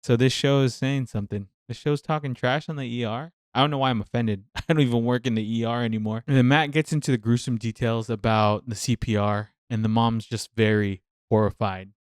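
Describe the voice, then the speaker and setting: Male nurse, casual reaction vlogger; resonant voice, mid pitch, vents and repeats himself when fired up. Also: fairly even intonation, brisk, few pauses, smooth, dry recording, clean studio sound. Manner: passionate, venting, thinks aloud with repeated phrases.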